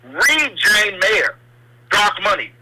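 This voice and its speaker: Male caller, high voice, urgent and halting, heavy line noise. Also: big pitch swings. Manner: impassioned, stumbling over repeated words. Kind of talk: call-in radio talk. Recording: noisy call-in line.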